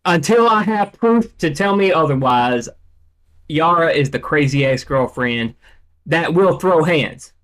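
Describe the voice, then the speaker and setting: A co-host in a casual chat, animated and opinionated, with many fillers. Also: medium pitch, a little slow.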